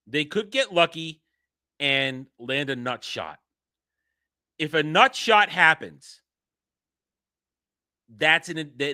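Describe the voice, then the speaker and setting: Male stream host, loose and rambling, self-interrupting, sharp bright tone. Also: on the high side, dry recording, clean studio sound. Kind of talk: casual livestream chat.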